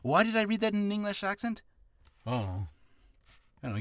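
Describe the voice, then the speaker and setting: A man's voice: high-pitched, sing-song, moderate pace, no echo, studio quality. A man talking casually in a vlog about reading practice, rambling and poking fun at himself. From Canada. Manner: chatty, rambling, self-mocking. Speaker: voice actor vlogger.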